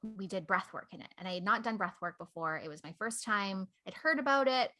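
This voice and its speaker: A woman's voice: mid-range voice, expressive, fairly quick, sharp tone. A woman guest on a podcast, telling a reflective personal story in casual conversation, with lots of "like" fillers.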